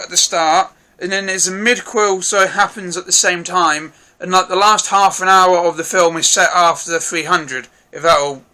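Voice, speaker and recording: High, bright-voiced man rambling through a film review. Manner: rambling, frank, apologetic hedging; swears casually. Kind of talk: casual spoken film review.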